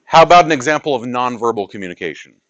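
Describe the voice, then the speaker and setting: A man teaching a high school math class in a classroom, lecturing with emphasis and repeating key points for his students. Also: expressive, fast talker, fairly bright tone, dull audio.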